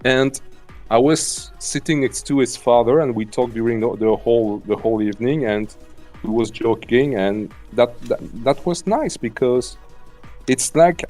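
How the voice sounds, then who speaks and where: A man's voice: medium pitch, unhurried, darkish tone, faint music behind. A man with a French accent, chatting casually as a guest, often restarting and searching for English words. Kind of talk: casual chat.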